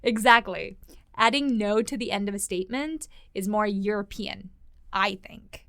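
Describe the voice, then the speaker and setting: A woman's voice: mid-range voice, normal speed, vocal fry, bright, forceful tone, no echo, clean studio sound. A woman hosting a podcast language lesson, conversational and thinking aloud as she explains grammar.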